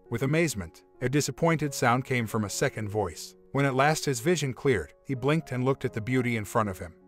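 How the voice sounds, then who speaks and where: A man reading a relationship story aloud, voicing every part in one steady voice. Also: mid-range voice. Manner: reads all parts in one even voice. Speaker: story narrator. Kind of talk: scripted narration of a relationship story. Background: faint music.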